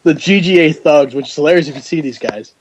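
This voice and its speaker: A fast-talking podcast host with a rather high voice comes through a rough recording with slight background noise. In casual conversation he tells stories animatedly, acts out quotes, and laughs a lot.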